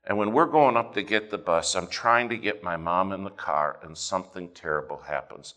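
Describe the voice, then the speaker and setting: A male preacher giving a sermon, telling a personal story in an animated way and swinging between quiet and loud passages. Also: low-pitched, moderate pace, hardly any pauses.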